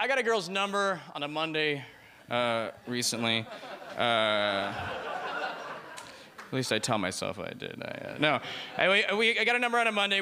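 A man doing a stand-up routine, telling a self-deprecating story with halting restarts. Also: fairly high pitch, bright, forceful tone. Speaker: stand-up comedian. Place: comedy club stage with live audience. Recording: live club recording with crowd and noise.

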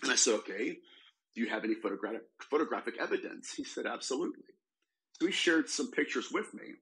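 Male demonologist guest, animated storyteller, lively pitch, acts out the quotes. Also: fast talker, rough recording. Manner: animated, retells a case with quoted voices. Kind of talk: storytelling in a podcast interview.

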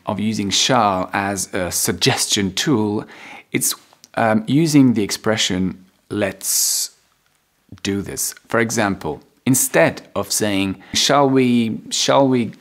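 A French-speaking man teaches English in a loose, unhurried video lesson, pausing often on ums and restarting his sentences. When he acts out example phrases, his voice jumps up high before settling back down. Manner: relaxed, hesitant with frequent ums and restarts.

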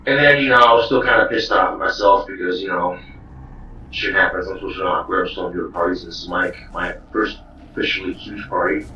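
A man's voice: sits low, fairly even intonation, brisk, sharp tone. A man telling a rambling, profane comedic story. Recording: dull, roomy, distant, faint hiss.

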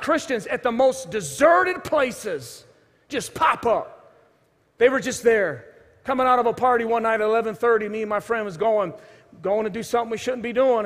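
Brief: high-pitched male pastor, storytelling sermon, swings from loud to hushed, long hall reverb. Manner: storytelling, acts out quoted voices, shifts from loud to hushed. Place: church sanctuary.

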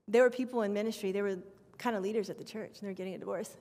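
A woman in her fifties, a children's pastor, preaching an animated testimony sermon. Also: medium pitch, racing. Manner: animated storytelling with acted prayers. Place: church sanctuary. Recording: long reverb of a church hall.

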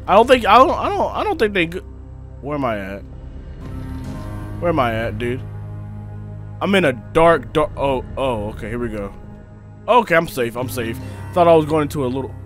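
A young gaming streamer with a high-pitched voice commentates a let's play in an excitable, slangy way, yelping whenever something scares him.

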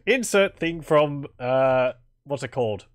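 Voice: medium pitch, no room sound, clean studio sound. A streamer doing let's play commentary, thinking aloud, speaking typed game commands and chuckling. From Australia.

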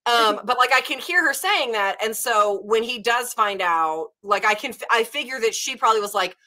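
Hosting a laid-back book club chat, a young woman from Nashville, Tennessee, with a Southern American accent rambles through a story with lots of fillers. She speaks at a moderate pace in a slightly high, expressive voice with a sharp tone.

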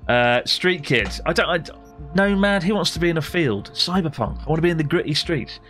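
A man with a British accent, a guest on a gaming stream, teasing and joking excitedly with a casual, sweary manner. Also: a little high, a little fast, faint music behind.

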